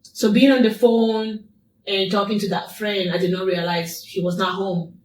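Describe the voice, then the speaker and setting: A woman's voice: medium pitch, flat delivery, moderate pace, darkish tone, slight background noise. Woman retelling her story, echoey and distant. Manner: repetitive, emphatic retelling. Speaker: interview guest. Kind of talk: personal story in an interview. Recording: echoey room, distant mic.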